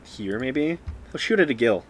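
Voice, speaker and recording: A man running a tabletop game as game master, relaxed and peppered with fillers and small laughs. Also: medium pitch, moderate pace, background noise. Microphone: streaming microphone.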